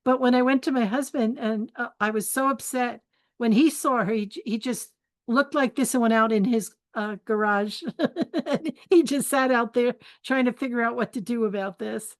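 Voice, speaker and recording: A woman's voice: a little high, moderate pace, no room sound. An older woman hosting a spiritual forum, telling family stories in a chatty, candid way and turning them into life advice. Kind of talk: storytelling talk.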